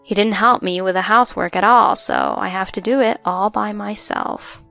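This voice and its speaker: A woman's voice: medium pitch, steady tone, normal speed, vocal fry, a bit bright. A woman narrating a first-person story in an earnest, emotional way, with faint music behind.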